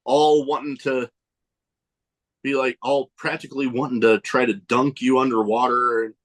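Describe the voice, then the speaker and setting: A man co-hosting a casual podcast chat, animated and swearing freely, a little out of breath. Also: medium pitch. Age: adult with nieces and nephew. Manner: animated, swearing, quick asides. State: a little winded. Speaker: podcast co-host.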